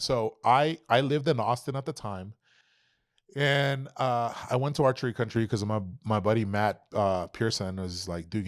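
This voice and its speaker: Man, low voice, dry sound, casual storytelling, swears a lot, acts out quotes. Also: no echo. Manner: animated, profane, acts out quotes. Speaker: podcast guest.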